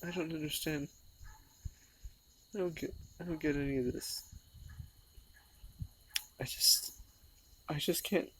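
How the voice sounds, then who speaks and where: A grieving man talking in a personal vlog, halting and tearful, repeating himself and trailing off. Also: a little high, fairly even intonation, fairly bright tone, a little hiss or hum, poor audio. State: tearful, voice breaking. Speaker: vlogger.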